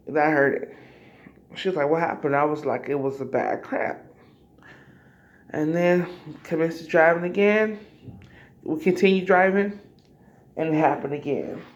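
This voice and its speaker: A woman's voice: low voice, expressive, measured pace, pauses often. A woman vlogger telling a personal story casually to her viewers, acting out scenes with cries and asides. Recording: slightly dull lo-fi audio.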